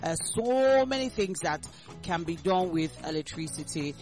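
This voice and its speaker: A man with a Nigerian English accent hosting a morning radio talk show, chatty and animated, repeating phrases as he talks. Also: fairly high pitch, a little slow, soft background music. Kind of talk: casual morning radio chat.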